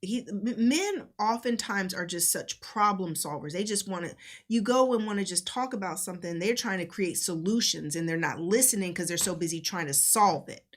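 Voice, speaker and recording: A woman's voice: mid-range voice, lively intonation, normal speed. A woman co-hosting a casual relationship talk, speaking earnestly and encouragingly and answering viewer questions. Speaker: co-host.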